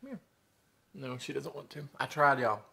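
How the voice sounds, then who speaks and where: A man's voice: medium pitch, animated, normal speed, gravelly, bright, forceful tone. A man, chatting casually to camera while he eats in a home eating show. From Tennessee. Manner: chatty, talks while eating, drawling "y'all". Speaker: mukbang vlogger.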